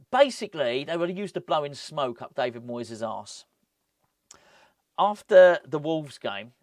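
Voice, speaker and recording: A man hosting a casual football vlog, rambling and animated, often breaking off with laughs. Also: mid-range voice, no echo, studio quality. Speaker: football fan channel host.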